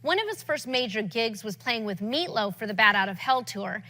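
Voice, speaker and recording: A woman's voice: a little high, lively intonation, normal speed, sharp tone, long reverb tail. A woman presenter reading a scripted introduction with upbeat announcer delivery.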